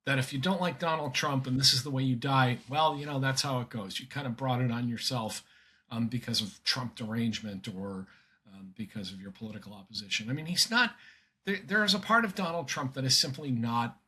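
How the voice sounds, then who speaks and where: A man's voice: medium pitch, brisk, sharp tone, slightly rough. An older American man talking in an earnest, emphatic way as a podcast guest, often restarting his sentences. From United States. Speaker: guest commentator. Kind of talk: conversational podcast interview.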